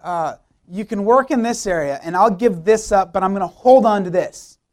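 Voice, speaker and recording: A man's voice: high voice, lively intonation, normal speed. A young man, a youth pastor, preaching a sermon with emphatic repeated phrases and rhetorical questions.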